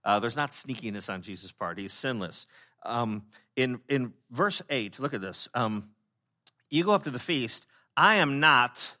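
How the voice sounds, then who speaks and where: A pastor preaching a conversational sermon, with many fillers and restarts, who acts out the people he quotes in lively voices. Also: mid-range voice, a little slow.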